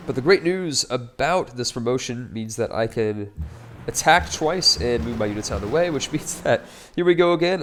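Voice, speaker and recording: A man talking through his strategy game at a medium pitch, chatty and upbeat. He drops wry, joking asides as he goes. The tone is casual, like a let's play host. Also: a bit bright, slight background noise.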